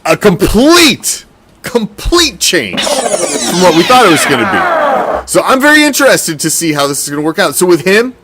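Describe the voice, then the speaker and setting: Man, sports host, casual commentary, lively pitch, bright tone, swears a lot. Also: fairly quick, soft background music. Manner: animated, profane, rambling.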